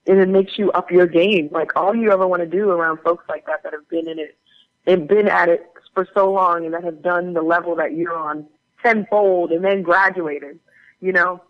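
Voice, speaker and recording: A woman guest tells stories from her work in an animated, chatty way, full of fillers and restarts. The recording sounds dull and lo-fi, with the top end rolled off. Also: fairly low pitch, normal speed. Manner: animated, chatty anecdote-telling with many fillers. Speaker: guest actor. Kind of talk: casual interview storytelling.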